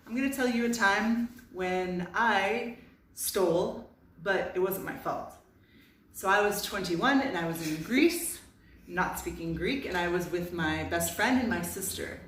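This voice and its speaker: A woman in her thirties from Canada telling a comic personal story, animated and self-mocking, with dramatic pauses. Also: medium pitch, slight background noise. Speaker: vlogger. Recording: roomy sound from a distance.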